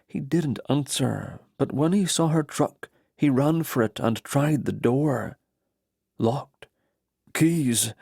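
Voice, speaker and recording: A man narrating a romance audiobook in steady, even storytelling. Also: medium pitch, takes it slowly, gravelly, slightly rough, dry recording, studio quality. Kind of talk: scripted narration.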